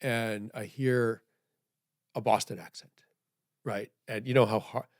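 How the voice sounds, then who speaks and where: A middle-aged man telling a story as a podcast guest, rambling and checking in with "right?", dropping to a hushed voice at grave moments. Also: on the low side, steady tone, unhurried, no echo, clean studio sound.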